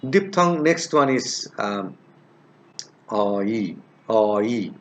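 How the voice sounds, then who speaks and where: Give me a male lecturer who talks slowly and repeats each example sound. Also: on the low side, animated. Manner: slow and repetitive, repeats example sounds and words many times; hesitant, many "uh" fillers. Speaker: linguistics teacher. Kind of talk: recorded lecture.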